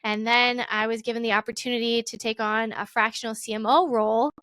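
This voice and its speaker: A woman in her thirties telling her own business story as a podcast guest, acting out past conversations in a lively voice. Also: fairly quick, clean tone, dry recording. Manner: animated, acts out her own past dialogue with big pitch jumps. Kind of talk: casual storytelling interview.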